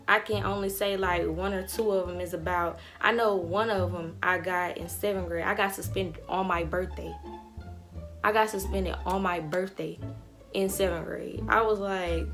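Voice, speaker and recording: A young woman tells a storytime to her camera, casual and slangy. She throws herself into acting out the voices of the people in the story. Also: medium pitch. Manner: animated storytelling, slangy, acts out dialogue. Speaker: vlogger.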